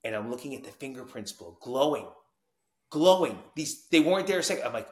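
Animated storyteller. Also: male voice, fairly high pitch, fairly quick, roomy sound. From New Jersey. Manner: animated, swings from hushed to loud whoops. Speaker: guest, recovery coach. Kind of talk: storytelling in a podcast interview.

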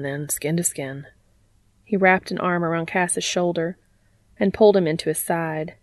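A woman with a lowish voice narrates a story in a calm, even audiobook reading. The sound is dry and close to the mic, with no room around it. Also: dry recording. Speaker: fanfiction reader.

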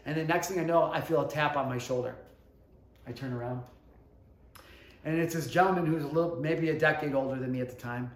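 A man in his thirties telling a personal story to his viewers, earnest and emotional, dropping to a hush and then rising with fervor. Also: fairly high pitch, fairly quick, pauses often, roomy sound. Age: 30s. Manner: earnest, swings from hushed to fervent, addresses viewers directly. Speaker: motivational vlogger.

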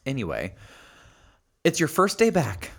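A man's voice: mid-range voice, huge pitch swings. A man co-hosting a podcast, chatting casually and playfully teasing his co-host. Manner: playful, teasing, quick to joke. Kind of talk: casual chat.

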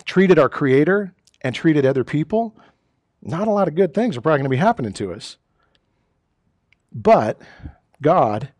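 A man preaching a casual sermon as pastor, conversational and self-deprecating, now and then breaking into mock exasperated shouts. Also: a little high, dry recording, clean studio sound. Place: church sanctuary.

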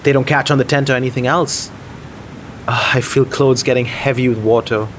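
A man's voice: medium pitch, fairly even intonation, moderate pace, a bit bright, slight background noise. A young man narrating an audio drama in the first person, anxious and self-deprecating, with faint music underneath. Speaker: narrator and lead character.

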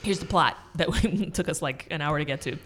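A woman's voice: sits low, moderate pace, fairly bright tone, slight background noise. A woman co-hosting a podcast in casual chat, rambling and joking with frequent swearing. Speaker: podcast co-host.

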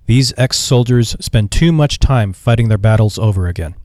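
A man's voice: fairly low pitch, expressive, moderate pace, a little mellow, no echo. A stiff office manager gripes and pushes back against his boss, played by a male narrator. The delivery is prim and sour. The recording is close and dry. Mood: complaining. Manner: complaining, prim.

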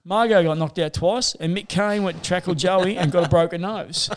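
A man's voice: high-pitched, normal speed. A man telling rambling, sweary stories in a casual chat, full of fillers.

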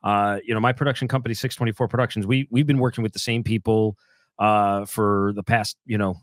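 A man's voice: on the low side, fairly even intonation, no room sound. Guy hosting a podcast, keeps restarting his sentences, dry close sound. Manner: rambling, halting, with many restarts. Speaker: podcast host. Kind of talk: casual podcast chat.

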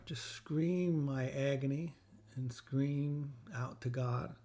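A middle-aged man talks slowly and unhurriedly, his voice sitting at an ordinary, moderate pitch. He hosts a personal podcast in a sincere, heartfelt tone. He leans on repetition to drive his points home. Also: fairly even intonation, mellow. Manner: earnest, heartfelt, with emphatic repetition. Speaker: podcast host. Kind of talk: personal reflective talk with faith teaching.

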